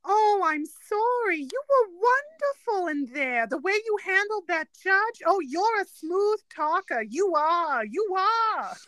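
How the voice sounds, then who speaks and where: Brief: woman playing a Brooklyn fiancée, syrupy sarcasm, high and swooping. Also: big pitch swings, takes it slowly, few pauses, a bit bright, no echo, full character voice, poor audio. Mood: sarcastic. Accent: Brooklyn put-on.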